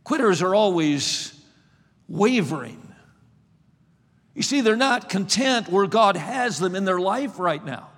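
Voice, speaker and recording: Preaching in a high, fairly bright voice, this man is very animated, moving through his sermon at a slow, emphatic pace. He tends to repeat a phrase's opening words before finishing it, and long reverb makes him sound like he's in a large hall.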